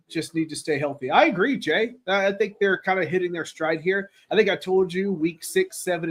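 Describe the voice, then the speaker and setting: Man, from Tennessee, raw throat, excitable, rambling, casual sports talk, slightly high voice. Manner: excitable, rambling, reads chat aloud. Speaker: podcast host. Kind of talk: casual live-stream sports chat.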